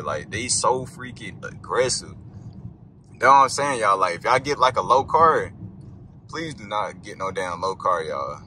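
A man's voice: medium pitch, pushed and bright. A young man rambling casually as he films a night drive in his car, cursing and yelping at bumps. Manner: loose, rambling, cursing, with sudden yelps at bumps. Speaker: car vlogger. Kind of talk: casual driving vlog. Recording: faint car noise.

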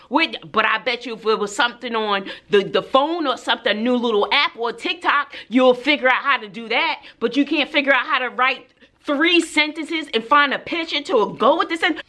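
A woman's voice: high voice, normal speed, sharp tone. A woman teacher, chatting sassily to her viewers in a casual vlog, talking to them like girlfriends. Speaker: middle school teacher.

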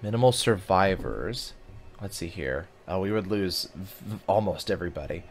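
A man's voice: low-pitched, expressive, moderate pace. A man hosting a casual gaming video, chatting and reading game text aloud as he plays. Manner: chatty, reacts aloud and sings snatches of songs.

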